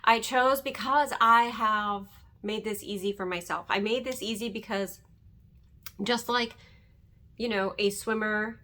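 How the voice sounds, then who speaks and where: A woman's voice: mid-range voice, sharp tone. A middle-aged woman earnestly talking about her faith and fear, often checking in with "right?". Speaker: host. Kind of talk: faith-centered personal testimony.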